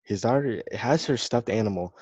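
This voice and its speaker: A man's voice: medium pitch, moderate pace, darkish tone, husky, no echo. A young man on a casual podcast, laid-back and hesitant, starting to describe a movie. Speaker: podcast co-host. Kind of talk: casual chat. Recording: dull lo-fi sound.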